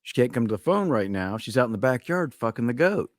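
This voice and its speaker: A man's voice: medium pitch, very animated, fast, no echo, studio quality, close to an everyday voice. A man telling a joke as a blunt little boy.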